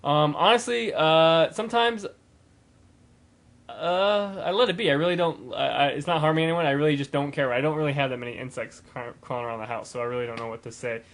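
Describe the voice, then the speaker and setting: A man's voice: on the high side, brisk, a bit bright. A young man talking in a casual, rambling video blog, full of fillers and restarts. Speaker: gaming vlogger.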